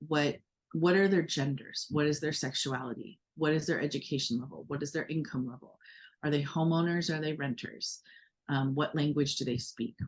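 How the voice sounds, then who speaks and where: Low-voiced woman, earnest. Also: moderate pace. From United States. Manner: reflective, earnest, many fillers and restarts. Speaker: podcast co-host. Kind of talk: casual conversation.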